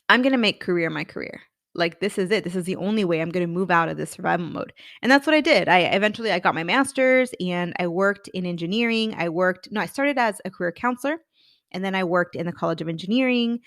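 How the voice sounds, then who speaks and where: This is personal storytelling from a career coach and podcast host in her thirties, who candidly narrates her experiences and dramatizes her former thinking. Her voice sits mid-range with a fairly bright tone, recorded cleanly in a studio without echo.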